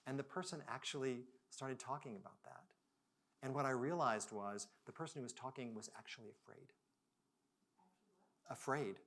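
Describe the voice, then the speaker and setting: A man speaks at a corporate summit in a mid-range voice, telling personal stories in a relaxed, conversational way. He drops to near-quiet for reflective moments, then rises loudly for emphasis. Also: medium pitch, moderate pace, pauses often. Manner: conversational, dramatic swings between soft and loud. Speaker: conference speaker. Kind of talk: storytelling keynote talk. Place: virtual summit talk.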